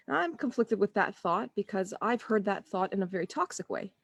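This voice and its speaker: An earnest woman coaching parents in a relaxed, conversational way, often breaking off to restart a sentence. Her voice sits at an ordinary middle pitch. The sound is dry and close, with no room around it. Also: fairly quick, few pauses, dry recording. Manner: earnest, conversational, full of restarts and acted-out inner thoughts. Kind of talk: live online Q&A talk.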